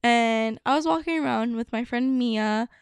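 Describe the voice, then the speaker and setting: A woman's voice: on the high side, moderate pace, clean tone, dry recording, studio quality. A young woman in her twenties hosting a solo podcast, chatty and bubbly, with lots of casual fillers. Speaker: podcast host.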